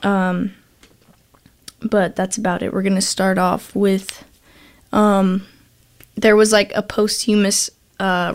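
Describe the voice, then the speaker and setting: A young woman hosting a college radio show, chatting casually in a rambling, giggly, self-deprecating way into a studio microphone. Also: mid-range voice. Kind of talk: casual chat.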